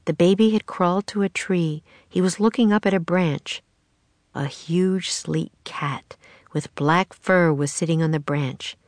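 A woman narrating a children's storybook aloud in a steady, expressive way. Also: lowish voice, a little slow, no room sound.

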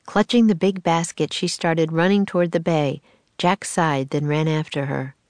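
Brief: woman with a lower voice, measured expressive storybook narration, dry close recording. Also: no room sound. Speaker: audiobook narrator.

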